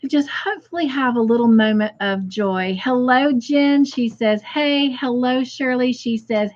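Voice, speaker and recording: A woman hosts a relaxed craft livestream, greeting viewers by name and reading their comments out. Her voice sits a little high and she talks at an unhurried, drawn-out pace. The audio is dull and lo-fi, like a home stream. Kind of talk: casual livestream chat.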